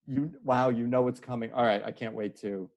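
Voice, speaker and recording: A man speaking as an interview guest, earnest and halting, often restarting his sentences. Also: medium pitch, steady tone, a little mellow. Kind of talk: casual interview conversation.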